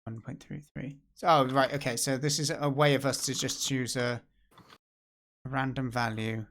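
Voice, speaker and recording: A man's voice: medium pitch, fairly even intonation, moderate pace, a bit bright. A man hosting a live stream and chatting casually as he works through a tutorial, thinking aloud and joking at his own expense. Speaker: livestream host learning game development. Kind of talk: casual live-stream chat while working.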